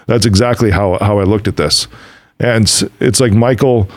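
A man's voice: lowish voice, normal speed, no room sound. A middle-aged man hosting a podcast, talking casually in a motivational monologue and acting out conversations as he tells stories. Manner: storytelling, quotes others and himself; casual, swears now and then. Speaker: podcast host.

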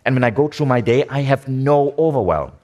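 A man giving a motivational talk to a live audience, energetic, asking the room questions and repeating key phrases. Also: medium pitch, fairly quick. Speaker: speaker teaching a workshop.

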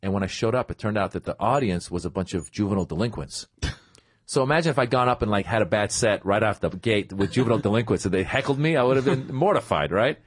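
Low-voiced middle-aged man telling stories. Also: fast, breathy edge, dry recording, clean studio sound. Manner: lively, acts out his own past thoughts in quotes. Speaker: comedian guest. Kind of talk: casual anecdotal storytelling.

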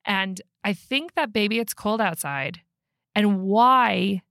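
A woman hosting a podcast in a casual chat, talkative and quick to laugh, often restarting her sentences. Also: mid-range voice, a bit bright, no echo, clean studio sound. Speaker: podcast host.

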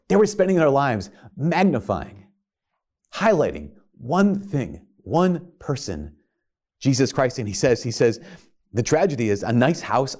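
A male priest giving a sermon in an earnest way, full of rhetorical questions. His voice sits at a mid pitch, and he often stops and restarts his phrases as he builds a point. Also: darkish tone.

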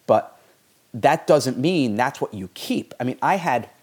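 A man's voice: mid-range voice, lively intonation, measured pace, darkish tone, slightly rough. A man talking casually as a podcast guest, rambling with many restarts and stammers. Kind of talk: casual conversation.

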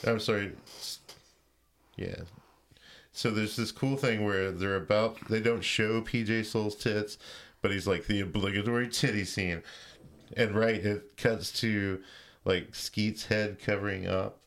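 A man co-hosting a podcast, casually retelling film scenes with quick quoted voices and laughter. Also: lowish voice, fairly even intonation, gravelly, fairly bright tone. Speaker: podcast co-host. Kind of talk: casual chat recapping a film.

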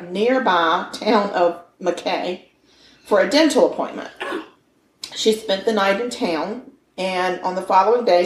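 In a podcast she co-hosts, a middle-aged woman chats casually and tells a true-crime story, joking and teasing playfully. Her voice is mid-range, and the audio is poor, with room echo and a little hiss or hum.

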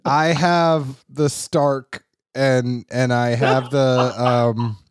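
A man's voice: medium pitch, fairly even intonation, extremely slow, clean tone, dry recording. Rambling man on a dry close mic. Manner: rambling, self-correcting storyteller. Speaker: podcast host. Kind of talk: casual podcast chat.

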